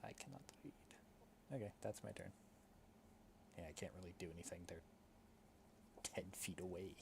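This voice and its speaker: A man's voice: deep voice, fairly even intonation, moderate pace, gravelly, heavy background noise. A man playing a tabletop game, thinking aloud about his turn in a casual, self-deprecating way. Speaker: player.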